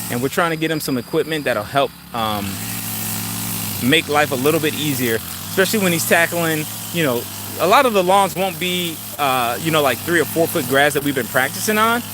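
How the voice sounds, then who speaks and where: Middle-aged man, slightly high voice, easygoing rambling live-stream chat, handheld phone, outdoor traffic noise. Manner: easygoing, rambling with many fillers, greets viewers. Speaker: channel host. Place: outdoors in a yard.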